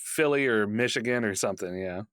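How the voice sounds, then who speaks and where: A man's voice: lowish voice, a little fast, fairly bright tone, clear, resonant tone. A man co-hosting a podcast in casual chat, making sarcastic wisecracks and swearing. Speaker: podcast co-host.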